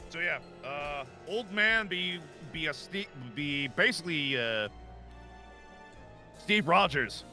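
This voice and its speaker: A man's voice: fairly high pitch, slow pace, faint music behind. A man chatting casually on a stream while building a model kit, joking and riffing with quips. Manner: jokey, animated, riffing with quips.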